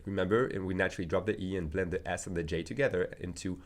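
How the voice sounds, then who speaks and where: A man with a French accent, a native French speaker teaching a casual language lesson, who says his example sentences slowly and keeps checking in with "okay?". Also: deep voice, steady tone. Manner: slow deliberate pronunciation of French examples, frequent "okay?" check-ins.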